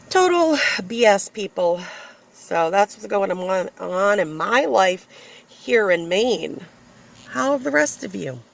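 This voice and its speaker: Sitting in her car, a young single mother vlogs on a shaky handheld phone, venting with exasperation in blunt, profane terms. Her medium-pitched voice is expressive and creaky, unhurried, with long pauses.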